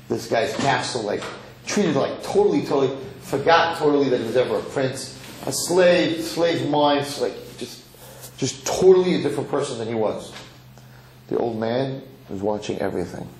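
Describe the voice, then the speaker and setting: A rabbi giving a sermon, telling a parable in an animated storytelling manner with some Yiddish words, in an echoey lecture hall. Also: male voice, medium pitch, slight background noise. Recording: echoey hall, faint ambience.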